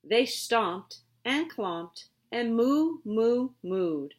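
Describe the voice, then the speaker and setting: A woman teacher reading a picture book aloud to her students, with expressive, drawn-out storytelling. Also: fairly high pitch.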